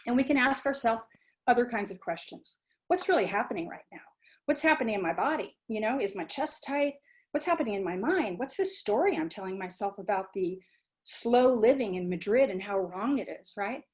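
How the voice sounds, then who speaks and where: A woman's voice: mid-range voice, animated, fairly quick. A middle-aged woman, a program director, giving an informal talk on mindfulness. She talks conversationally and acts out students' inner voices. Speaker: study abroad program director.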